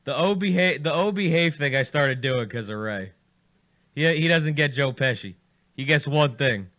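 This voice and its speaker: A man hosting a casual radio studio show, animated and teasing, swearing freely as he jokes with his guests. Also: medium pitch, moderate pace.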